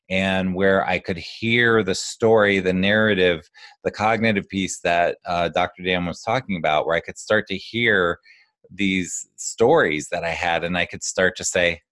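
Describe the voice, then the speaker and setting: Low-voiced earnest male podcast host. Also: fairly bright tone, dry recording. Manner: earnest, conversational, many fillers and restarts. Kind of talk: casual spoken monologue.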